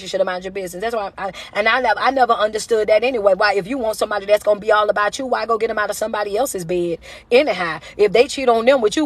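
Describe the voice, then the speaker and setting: A woman motivational speaker on a live-stream rant, loud, passionate and forceful, repeating her points like a preacher. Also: mid-range voice, no echo. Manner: repetitive, preachy call-outs. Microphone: phone on a live stream.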